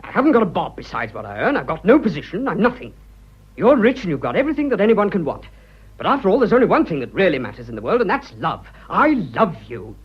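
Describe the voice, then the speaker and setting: A man's voice: high-pitched, wildly swooping pitch, fast, husky, dull audio, heavily acted. An actor playing an earnest, flustered young businessman declaring his love, stammering in clipped upper-class British speech in a radio drama.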